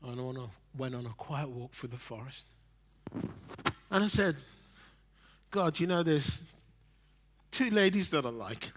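A man in his sixties preaching a sermon, swinging between loud emphasis and quiet, near-whispered lines. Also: medium pitch, measured pace, long pauses, a little hiss or hum.

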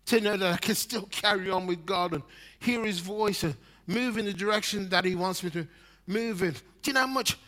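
A man in his sixties delivers a sermon in a slightly higher-than-average voice. He swings from loud, emphatic lines to soft, near-whispered ones, and laughs at his own stories as he goes. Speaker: preacher.

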